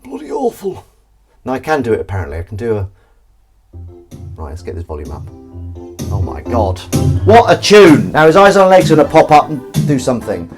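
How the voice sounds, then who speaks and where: A man's voice: mid-range voice, big pitch swings, quick pace, pauses often, music in the background, rough recording. A man hosting a livestream, chatting in rambling, self-mocking banter full of ums and asides while washing up in his kitchen. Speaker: livestream host. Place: home kitchen at the sink.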